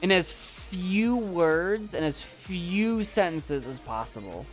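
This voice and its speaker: A man chatting casually with viewers in a calm, soft voice, halting with many restarts as he chokes up. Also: high voice, soft background music. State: choking up. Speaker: YouTube creator and poet. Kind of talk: casual live chat with viewers.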